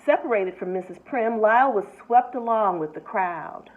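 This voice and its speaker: A woman, a nurse, reading a picture book aloud with expressive delivery and asides to her listeners. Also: mid-range voice, normal speed. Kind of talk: storybook read-aloud. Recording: tinny phone-like sound.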